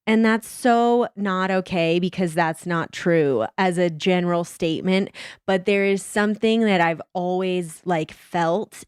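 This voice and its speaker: American woman, podcast co-host, casual chat, smooth voice, dry close sound. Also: fairly low pitch, measured pace, no room sound. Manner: chatty, laughs often, says "like" and "I mean" a lot.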